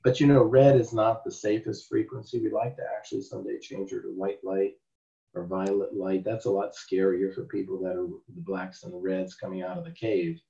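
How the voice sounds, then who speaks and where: A man's voice: sits low, level tone, a little fast, vocal fry, warm tone. A man teaching a therapy class in a conversational way, often acting out what clients and he said in sessions. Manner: conversational, acts out client dialogue. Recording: roomy, dull lo-fi sound.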